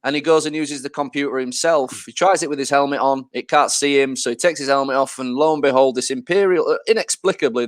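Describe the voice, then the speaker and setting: A man's voice: mid-range voice, no room sound, clean studio sound. A man, casually chatting as a podcast co-host and acting out scenes in silly voices. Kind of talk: casual chat.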